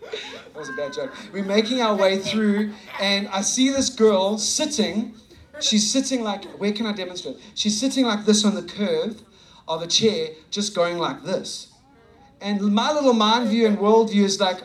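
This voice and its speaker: A young man preaching, telling a story with acted-out dialogue, animated and laughing often. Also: high-pitched, normal speed, low-quality recording. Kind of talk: sermon storytelling.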